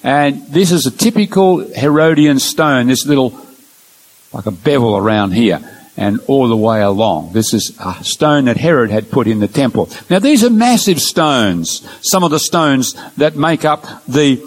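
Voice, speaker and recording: A man giving an illustrated Bible lecture, explaining step by step through numbered points in an earnest, measured way. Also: mid-range voice, expressive, low-quality recording. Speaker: Bible teacher.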